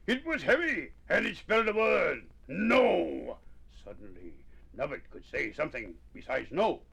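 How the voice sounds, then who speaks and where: Storybook narrator, man, gravelly and husky, lively pitch. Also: a little slow, rough recording. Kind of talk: storybook read-aloud.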